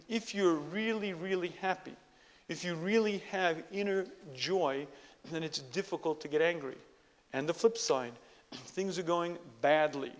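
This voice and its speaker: A man giving an emphatic religious lecture who often clears his throat. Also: on the high side, measured pace, long reverb tail. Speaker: Torah lecturer.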